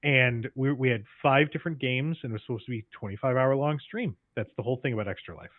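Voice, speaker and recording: A man joining a livestream chat as a guest, easygoing and quick to laugh, swearing casually. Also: mid-range voice, no room sound. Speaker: guest streamer. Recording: dry, phone-like call audio.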